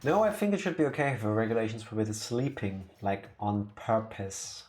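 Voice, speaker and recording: A man's voice: very animated, moderate pace, a little mellow. A man co-hosting a let's play who chats casually and reads game lines aloud in character voices. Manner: voices game characters, reaching for higher pitches.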